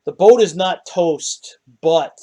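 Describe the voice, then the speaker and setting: A man's voice: on the high side, takes it slowly, dark tone, pitched above the performer's own voice. A man playing a weary, grieving dwarf warrior. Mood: gruff. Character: grieving male dwarf warrior, wounded, blunt.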